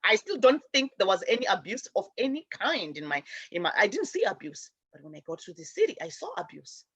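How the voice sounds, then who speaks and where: A woman hosting a spiritual talk show, telling stories about her upbringing in an animated way and acting out her relatives' voices. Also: medium pitch, fairly quick, breathy edge, no room sound, highs cut off. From raised in a village outside America. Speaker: show host.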